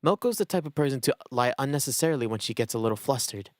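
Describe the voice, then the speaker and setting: A man doing a hushed, musing investigator. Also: medium pitch, lively intonation, fast talker, no echo, close to an everyday voice. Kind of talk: reading game dialogue aloud.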